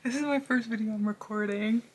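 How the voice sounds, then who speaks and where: A young woman hosting a music reaction video, excitable and then softly confessional, talking at home. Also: a little high, brisk, a little hiss or hum. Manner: excitable, swings to soft confessional talk. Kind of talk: casual reaction commentary.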